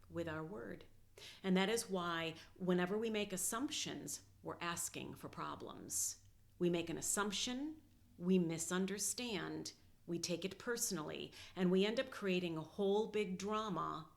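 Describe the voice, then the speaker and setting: A woman's voice: on the low side, vocal fry. A woman host talking casually, telling a personal story and reading comics aloud in a chatty way.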